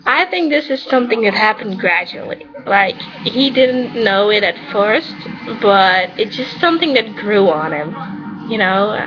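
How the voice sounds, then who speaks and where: A woman's voice: medium pitch, lively intonation, measured pace, dull audio, crowd noise. A woman from the Netherlands with a Dutch accent, chatting casually and rambling with lots of fillers as she answers viewer questions. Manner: chatty and rambling, many "you know" fillers. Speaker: vlogger answering questions about her character. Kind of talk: casual chat.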